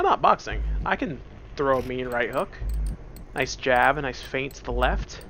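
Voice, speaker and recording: A man's voice: mid-range voice, fairly bright tone. A man casually joking and rambling through commentary on a game, seated at a computer at home. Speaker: let's play gamer.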